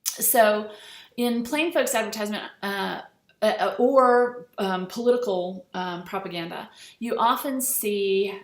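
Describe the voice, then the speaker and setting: A woman's voice: medium pitch, slow. Woman teacher, casual screencast lecture, loose and filler-heavy, roomy echo. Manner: relaxed, chatty, with many fillers. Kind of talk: recorded lecture over slides. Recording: echoey room.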